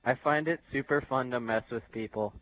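A man's voice: medium pitch, normal speed, fairly bright tone. A man chatting over a noisy headset during a video game, playful but hesitant, stumbling over his words. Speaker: teammate in party chat. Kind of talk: casual gaming banter.

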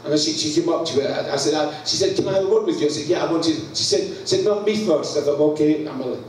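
Scottish guy preaching, chuckling thru a story, slightly high voice, echoey church, mic far off. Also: quick pace, darkish tone. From Scotland. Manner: laughs through his story, acts out sounds. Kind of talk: humorous sermon storytelling. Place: church hall. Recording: echoey church, distant mic, background noise.

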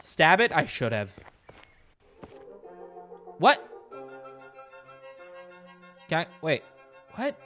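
A man's voice: a little high, sing-song, normal speed, bright, forceful tone, faint music behind. A man streaming a game, joking and bragging to his chat as he plays. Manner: jokey boastful banter with chat. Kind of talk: let's play commentary.

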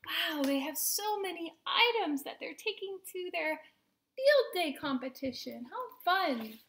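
A woman who teaches children's ministry, reading a picture book aloud to kids in a sing-song, animated way. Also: very high voice, a little slow. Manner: sing-song, warmly animated with voices for characters. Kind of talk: children's storybook read-aloud.

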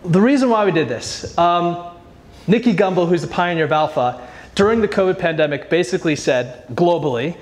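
A man's voice: high voice, animated, a little fast. A man giving a casual conference workshop talk as a youth ministry leader, chatting and storytelling with self-deprecating humor and acted-out quotes. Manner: chatty storyteller, acts out quoted voices, frequent "like".

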